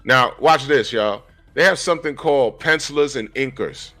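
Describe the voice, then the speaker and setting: A man in his forties giving animated, casual commentary on a comic book, talking straight to his viewers. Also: medium pitch, moderate pace, faint music behind. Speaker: comic book reviewer and artist.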